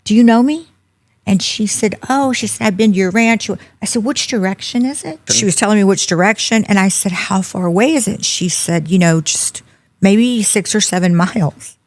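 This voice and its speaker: A woman's voice: medium pitch, moderate pace. A middle-aged woman, a podcast guest telling a personal story and acting out the people in it. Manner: animated storyteller acting out quoted dialogue. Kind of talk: storytelling interview.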